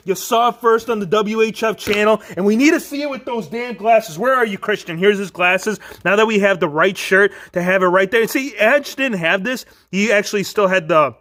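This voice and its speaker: Excitable high-voiced man. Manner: excitable, slangy, addresses viewers as bro and man. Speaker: toy collector channel host. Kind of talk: casual toy review vlog.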